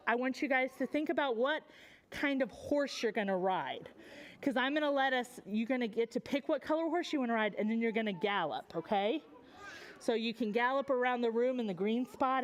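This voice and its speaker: An American woman with a high voice leads a preschool story time in a library, singing and coaxing young children in a lively sing-song way.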